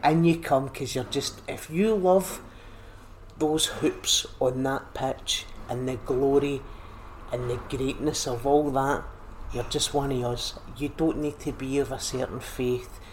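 A Scottish man in casual chat, telling lively stories and slipping into quoted voices as he goes. His pitch sits mid-range, and a faint hiss of noise hangs behind him. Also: a little slow. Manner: animated, repeats phrases, acts out quotes. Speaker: podcast guest, comedian.

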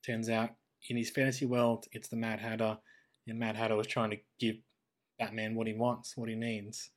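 An Australian man chatting casually as a podcast co-host, animated and talkative about a cartoon episode. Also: fairly low pitch, normal speed. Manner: chatty, animated when quoting characters. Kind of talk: casual chat reviewing a cartoon.

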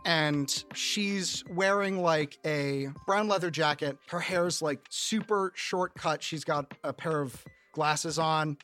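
A man's voice: a little high, takes it slowly, hardly any pauses, bright, forceful tone, no echo, faint music behind. A man narrating a tabletop game as game master, in a loose, rambling way full of fillers.

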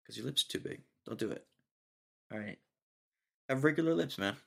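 A man's voice: medium pitch, animated, fairly quick, gravelly, a bit bright, slightly rough. Ranting young male podcast host. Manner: ranting, sarcastic, laughs a lot. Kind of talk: casual solo podcast rant.

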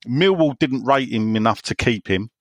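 A man with an East End London accent chats casually as a podcast host, cracking jokes and reading out listener questions. His voice sits at an ordinary pitch. The sound is dry and close. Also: lively intonation, normal speed, no echo. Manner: jokey, reads out listener questions. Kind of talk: casual chat.

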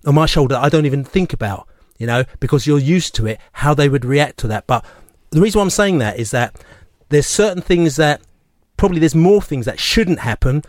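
A man, a regular on a radio fan show, telling a long story in a rambling, animated way and acting out the people he quotes. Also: on the high side, fairly quick, hardly any pauses, no echo, studio quality. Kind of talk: casual radio chat, storytelling. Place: radio studio. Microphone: studio microphone.

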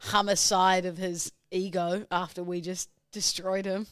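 A woman's voice: fairly low pitch, level tone, clear, resonant tone, no echo, clean studio sound. A young woman, co-hosting a podcast in playful, teasing casual chat. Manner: playful, giggly, quick to tease. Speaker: podcast co-host.

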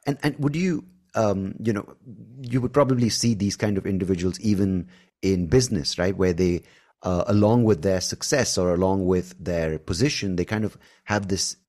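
A man's voice: sits low, normal speed, a little mellow. A man hosting a podcast, speaking earnestly and enthusiastically, often adding "right?" and "like". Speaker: podcast host. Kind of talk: casual podcast chat.

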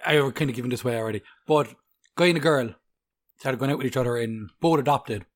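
A man's voice: medium pitch, fast. A young man co-hosting a podcast, joking loosely, crudely and swearing freely. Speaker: podcast co-host. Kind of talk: casual banter.

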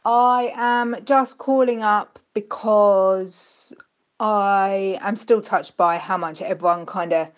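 A woman calling in by voicemail, soft and halting as she reads a tearful letter. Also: mid-range voice, steady tone. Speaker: caller. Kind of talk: voicemail message, emotional reading.

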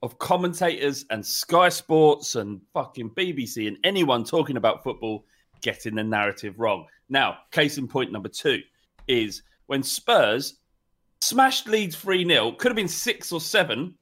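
A man's voice: mid-range voice, lively intonation, fairly bright tone. A man co-hosting a casual football podcast, emphatic and indignant. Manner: emphatic, indignant, quick to agree. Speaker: podcast co-host.

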